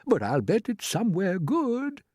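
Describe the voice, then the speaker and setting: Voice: medium pitch, wildly swooping pitch, unhurried, a little mellow, no room sound, clean studio sound, voice pushed up. A storybook reader voicing a kindly, cheerful old male grasshopper who talks in a fatherly, reassuring way.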